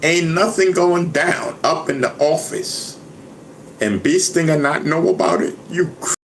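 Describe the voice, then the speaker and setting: A man's voice: fairly high pitch, unhurried, creaky, slight background noise, rough recording. A man talking casually to his viewers, boastful and laughing, who keeps saying "you know what I mean". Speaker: vlogger.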